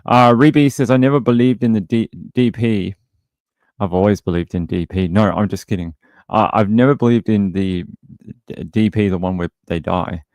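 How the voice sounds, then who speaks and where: A man's voice: lowish voice, steady tone, normal speed, darkish tone, no room sound. An Australian man hosting a true crime livestream, casually reading out viewer comments and answering them in a blunt, opinionated way with lots of fillers.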